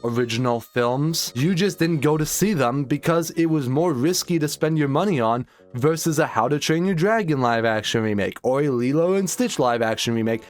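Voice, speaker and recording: Fired-up young man ranting, faint music. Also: on the high side. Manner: exasperated, profane, sarcastic ranting. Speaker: online film commentator. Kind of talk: ranting video commentary.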